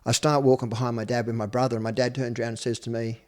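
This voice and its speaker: A man's voice: mid-range voice, little pitch movement, rapid-fire, darkish tone. Australian man, 50s, interview guest, blunt, swears freely, casual storytelling. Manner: blunt, profane, conversational. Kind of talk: candid personal storytelling.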